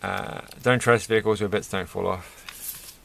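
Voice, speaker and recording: A man's voice: on the low side, steady tone, a little slow, vocal fry, a bit bright, a little hiss or hum. A man rambling through a toy build with self-mocking, off-the-cuff commentary, laughing at his own jokes. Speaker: toy reviewer building a set.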